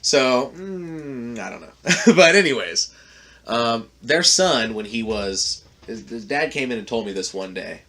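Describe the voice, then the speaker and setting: A man's voice: medium pitch, expressive, a little slow, fairly bright tone. A man hosting a podcast, telling a long story in a casual, profane, rambling way with lots of fillers. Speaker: podcast host.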